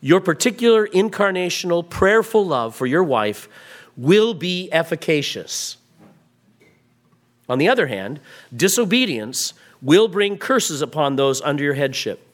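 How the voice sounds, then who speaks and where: A man's voice: on the high side, very animated, unhurried. Man preaching with rising emphasis. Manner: emphatic preaching, swings between quiet and raised passages. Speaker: pastor. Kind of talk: sermon. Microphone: microphone at a pulpit.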